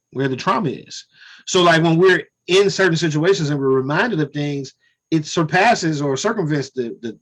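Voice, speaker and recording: A man's voice: on the high side, fairly bright tone. Man talking reflectively on a video call. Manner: reflective, frequent "you know" and "man". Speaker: discussion participant. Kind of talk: casual group conversation.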